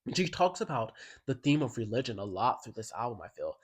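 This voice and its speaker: A man's voice: mid-range voice, very animated, brisk, slightly rough. Chatty man reviewing an album. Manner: chatty and enthusiastic, heavy use of "like". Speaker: music commentary YouTuber. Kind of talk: casual album review commentary.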